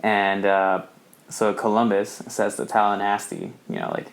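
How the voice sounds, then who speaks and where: A man's voice: lowish voice, flat delivery, a little slow. Laid-back man, casual swearing. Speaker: podcast co-host. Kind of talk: casual chat.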